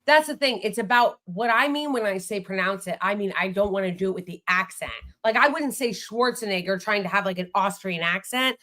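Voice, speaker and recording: A woman's voice: medium pitch, brisk, few pauses, sharp tone. An American woman hosting a casual political chat, blunt and heated, swearing freely. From United States. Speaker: host.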